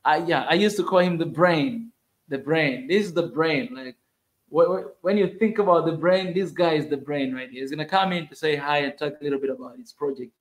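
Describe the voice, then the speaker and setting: Lively man hosting a livestream. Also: fairly high pitch, brisk, echoey room. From Africa. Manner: excitable, shouts out to viewers, repeats himself. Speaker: livestream host. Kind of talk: casual livestream chat.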